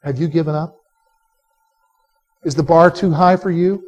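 A male pastor preaching a sermon to a live congregation, animated and conversational, quizzing listeners to answer back. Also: on the high side, a little slow, faint music behind. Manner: direct, conversational asides to the listeners. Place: church service before a live congregation.

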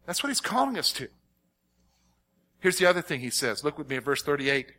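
A middle-aged man preaching a sermon, reading scripture and questioning his congregation in an animated, conversational way. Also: fairly high pitch, a little fast. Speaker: pastor.

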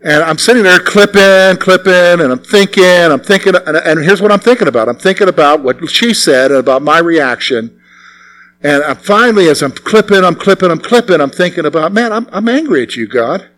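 An older man, a pastor delivering a sermon, earnest and repeating phrases for emphasis, moving between hushed and forceful delivery. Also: sits high, fairly quick.

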